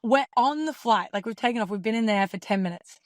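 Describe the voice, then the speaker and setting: A woman's voice: on the high side, animated, quick pace, no echo. A young Australian woman, a pro basketball player, casually telling a story and filling her talk with "like". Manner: chatty, peppered with "like", acts out quotes. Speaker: professional basketball player guest.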